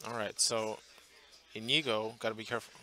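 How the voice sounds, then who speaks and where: A man's voice: lowish voice, steady tone, a little fast, sharp tone. A man commentating live on a tabletop tournament match, chatty and thinking aloud with fillers and restarts, from a booth at the event. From Portland area, US.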